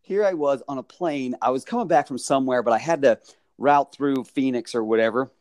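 A man co-hosting a podcast in casual chat, chiming in with quick agreement and laughing often. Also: medium pitch, very noisy. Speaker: podcast co-host.

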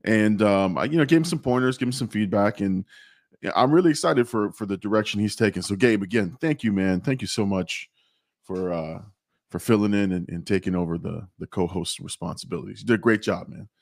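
A hoarse man hosting a podcast in a casual, excited chat, laughing often and repeating his words. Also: fairly low pitch, fairly quick, no echo, studio quality. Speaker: podcast host.

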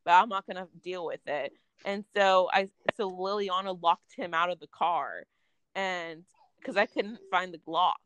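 A woman's voice: lowish voice, unhurried, fairly bright tone, clear, resonant tone, dry recording, muffled recording. A young woman telling a story in casual chat, venting with lots of filler words and swearing.

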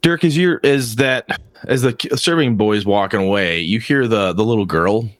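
A man's voice: on the low side, moderate pace, no echo. Rambling game-master man. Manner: relaxed, rambling with fillers. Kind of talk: narrating a tabletop game.

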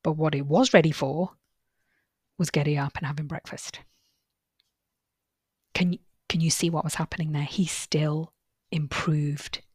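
Husky-voiced woman therapist, earnest and reassuring. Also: low-pitched, fairly even intonation, measured pace, long pauses, darkish tone, no room sound, clean studio sound. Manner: earnest and reassuring, repeats phrases for emphasis. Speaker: solution-focused therapist, podcast host. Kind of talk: podcast monologue with client anecdotes.

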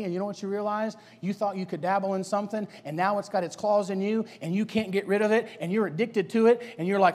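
A man with a high voice preaches to a youth audience at a quick clip, barely pausing. The church sanctuary gives his emphatic, colloquial delivery a long reverb as he rattles off one rhetorical question after another.

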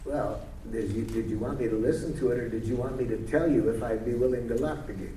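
Playful, coaxing male workshop leader, mid-pitched, echoey hall, mic far off. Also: fast talker, warm tone. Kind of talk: live workshop teaching. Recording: echoey room from far off, faint noise.

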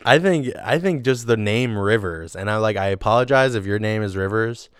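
A man's voice: fairly low pitch, expressive, moderate pace, clear, resonant tone. A man co-hosting a podcast, a little drunk, chatting casually in a rambling, joking, profane way. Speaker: podcast co-host. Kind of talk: casual chat.

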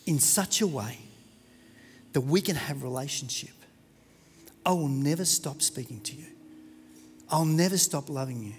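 Man doing God's voice in a whispered role-play, soft and loving, low and quiet, big hall echo. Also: slight background noise. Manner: hushed, soft and gentle. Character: tender whispering voice of God, loving and close.

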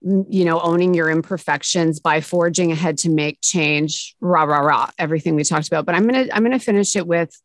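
A woman's voice: sits low, fairly quick, few pauses, no room sound. Upbeat, sassy woman podcast host. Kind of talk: casual chat.

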